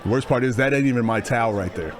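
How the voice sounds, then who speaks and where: A man's voice: medium pitch, fast, a crowd in the background. Joking man reacting to basketball footage. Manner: joking storyteller, laughs often; rambling, self-mocking. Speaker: basketball video host. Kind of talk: casual reaction commentary.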